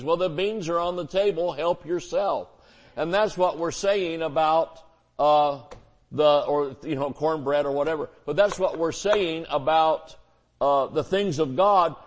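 A man preaching a sermon as pastor, folksy and conversational, with homespun illustrations. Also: fairly high pitch.

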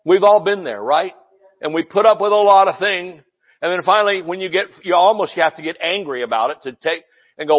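A man preaching a sermon as pastor, fiery and loud, breaking into shouts and joking with the congregation. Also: sits high, fairly quick, highs cut off.

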